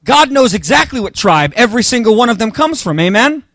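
A man's voice: extremely high pitch, big pitch swings, fairly quick, a bit bright, dry recording, studio quality. A man preaching a sermon with emphatic delivery, talking straight to the congregation. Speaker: pastor.

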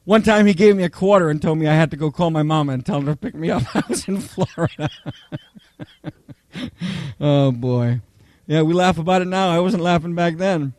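A male pastor with a high voice delivers a sermon full of animated stories. He keeps checking in with the congregation with a quick "okay?" or "right?". The sound is close and dry, with no room echo.

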